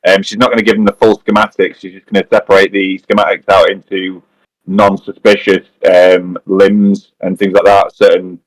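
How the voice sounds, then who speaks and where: A player describing his plans at a tabletop game. His voice is low and the sound dry and close, and he rambles and corrects himself as he talks. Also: level tone, normal speed, no room sound, poor audio. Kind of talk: casual chat at a tabletop game.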